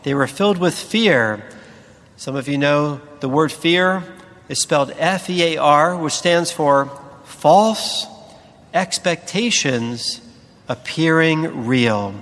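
A man delivers a sermon, pausing on key words. His voice sits a bit higher than most men's. The sound rings on in a large church hall. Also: a bit bright. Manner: slow, deliberate preaching with emphatic pauses. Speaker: priest.

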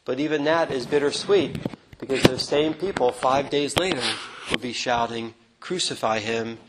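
Earnest unhurried male preacher. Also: medium pitch, very noisy. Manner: unhurried, earnest, with restarts and quoted lines. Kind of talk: sermon on a gospel reading.

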